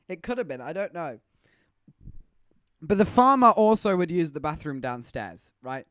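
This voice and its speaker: A man telling a story to his live-stream chat, animated and laughing, teasing the viewers. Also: fairly high pitch, normal speed, pauses often, dry recording.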